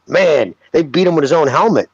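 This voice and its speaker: A man co-hosting a casual sports podcast, animated and swearing freely, laughing often as he talks. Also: fairly high pitch, fairly quick, husky, dull audio. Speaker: podcast co-host.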